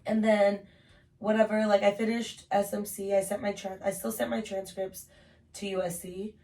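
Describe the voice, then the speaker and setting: A woman's voice: medium pitch, level tone, moderate pace, warm tone. Young woman, casual podcast chat, lots of "like", a bit far from the mic. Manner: chatty, heavy use of "like", swears casually. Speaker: podcast host telling her story.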